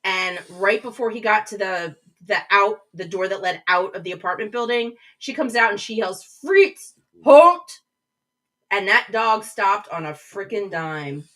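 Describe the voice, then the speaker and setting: A woman streaming live chats casually and reads viewer comments aloud, rambling and restarting with hardly any pauses. Her medium-pitched voice moves at a moderate pace and sounds pushed and bright; a webcam mic a little back from the screen makes her far away and the recording low quality.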